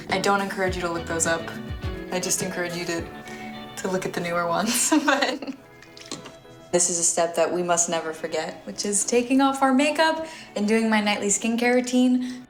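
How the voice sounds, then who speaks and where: A young woman chatting playfully through a tour of her home at night, giggling often. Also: medium pitch. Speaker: singer giving a home tour. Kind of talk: casual video tour. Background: music.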